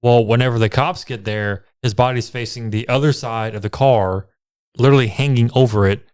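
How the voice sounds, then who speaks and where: A man's voice: mid-range voice, fairly even intonation, a little fast, a little mellow, clear, resonant tone. A man co-hosting a casual movie review podcast, retelling scenes in a laid-back, profane way. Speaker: podcast co-host.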